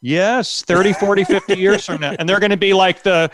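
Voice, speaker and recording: Male comic guest, a touch high-voiced, rambling and lively with lots of restarts; close, dry mic. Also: a little fast, no echo. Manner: rambling, animated, full of restarts. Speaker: comedian and author guest. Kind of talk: casual podcast interview.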